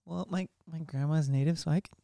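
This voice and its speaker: A man's voice: fairly high pitch, steady tone, a little fast, creaky, dark tone, dry recording. A man co-hosting a podcast, chatting casually, teasing and joking often. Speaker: podcast co-host. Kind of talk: casual chat.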